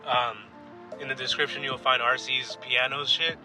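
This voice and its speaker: A man's voice: medium pitch, little pitch movement, moderate pace, music in the background. A man co-hosting a podcast in casual chat, laid-back and swearing, trailing off mid-sentence. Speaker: podcast co-host.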